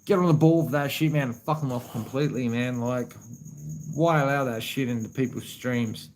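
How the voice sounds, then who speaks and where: Australian live-streamer, a man in the middle pitch range, loose and profane, addresses chat as brother. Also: moderate pace, a little mellow, slight background noise, low-quality recording. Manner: profane, rambling, calls viewers man and brother.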